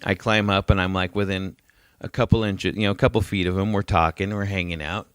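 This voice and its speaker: Low-voiced man, blunt and profane. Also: steady tone, a little fast, smooth, no echo. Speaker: podcast co-host. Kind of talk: casual chat.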